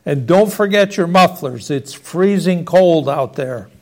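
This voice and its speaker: A man's voice: on the high side, expressive, unhurried, darkish tone. A man voicing a flustered, fussy mother who gives instructions, in a storytelling reading. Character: worried flustered mother, middle-aged.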